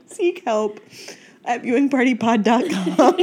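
Woman, young adult, podcast co-host, giggly, rambling, self-mocking, slightly high voice, studio mic. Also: slow, a little mellow, slight background noise. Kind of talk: casual movie podcast chat. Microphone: studio microphone.

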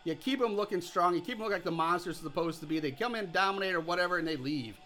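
Bright, high-voiced man chatting about movies. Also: fast talker, faint music behind. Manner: mock wrestling announcer bits, swears freely. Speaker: co-host. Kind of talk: casual movie commentary chat.

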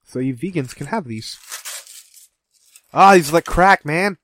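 A man's voice: fairly high pitch, animated, a little slow, long pauses, a bit bright, dry recording. Giggly, jokey male podcast co-host. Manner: jokey and giggly, rambling asides. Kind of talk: casual chat.

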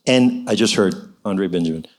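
A man's voice: low-pitched, moderate pace. A middle-aged man telling a personal faith story in a conversational, preaching style. He exhorts his listeners and keeps adding "you know" asides.

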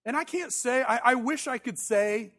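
High-voiced man preaching a sermon. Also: normal speed, sharp tone. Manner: conversational storytelling, self-deprecating, repeats words. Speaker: pastor.

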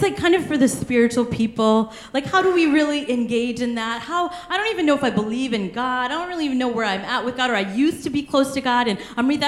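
A young woman delivers a sermon in a bright, high voice, animated and laughing through her stories. The sound carries a noticeable room echo. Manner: animated storytelling with frequent laughter. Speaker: pastor. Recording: echoey room.

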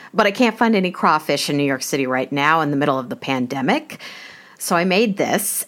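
Woman host, low voice, swooping lively intonation, amused. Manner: animated, amused, reads lines aloud. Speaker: interview host. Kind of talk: casual interview chat. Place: New York City home.

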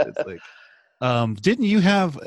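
A man's voice: fairly high pitch, sing-song, slow, dry recording, clean studio sound. A man in his forties hosting a podcast, asking loose questions in an easygoing way and laughing along. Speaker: podcast host. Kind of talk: casual interview chat.

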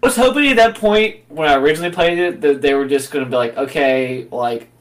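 A man's voice: fairly high pitch, animated, fast, recorded from a distance. A man co-hosting a casual game review podcast, making sarcastic, profane comments about the story. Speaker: podcast co-host.

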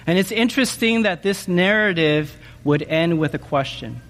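A man preaching a sermon in an animated way, often asking his listeners questions and checking in with them with "okay?". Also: on the high side, moderate pace, big-room sound. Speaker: pastor.

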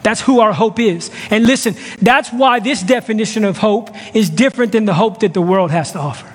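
A male pastor preaching a sermon in a church, lively and conversational, repeating his key phrases. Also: high voice, brisk, husky, long reverb tail. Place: church sanctuary.

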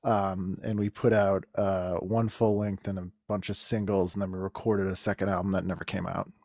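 A man's voice: deep voice, flat delivery, moderate pace, gravelly, darkish tone, dry recording, studio quality. A man in his forties from the Boston area with a Boston accent, a comedian chatting as a podcast guest, rambling with many fillers and chuckles. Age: 40s. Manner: rambling, many fillers, laughs between phrases. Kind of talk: casual chat.

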